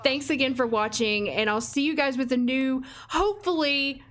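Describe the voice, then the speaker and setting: Woman host chatting thru her sims game, high voice, super expressive. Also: moderate pace. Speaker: let's play host. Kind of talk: gameplay commentary.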